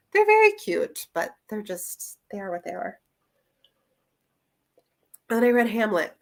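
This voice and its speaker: A woman's voice: mid-range voice, gravelly. A young woman chatting casually through a book review, rambling with plenty of fillers and little laughs.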